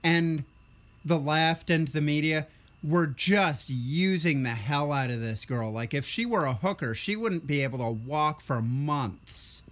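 A young man with a somewhat high voice delivers a blunt, sarcastic political rant. He sounds tired, with a ranting, combative edge throughout. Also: a little slow, a bit bright. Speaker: vlogger.

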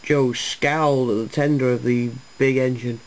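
A narrator reading a homemade storybook tale about engines, halting with occasional restarts. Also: medium pitch, fairly even intonation, a little hiss or hum, poor audio.

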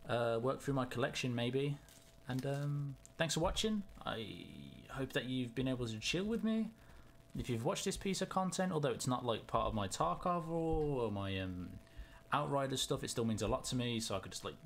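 A young man chatting casually and excitedly to himself in a card-opening vlog. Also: mid-range voice. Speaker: YouTuber.

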